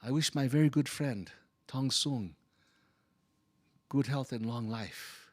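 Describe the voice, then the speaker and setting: In a slow, mid-range voice, a Hawaii storyteller takes on the role of a humble, good-humored Chinese immigrant laborer speaking broken English. The first-person story carries a wistful mood.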